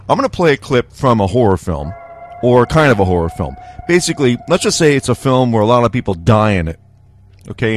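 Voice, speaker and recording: A man's voice: fairly low pitch, no echo. A man hosting a podcast in a chatty casual monologue, laughing often. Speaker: podcast host.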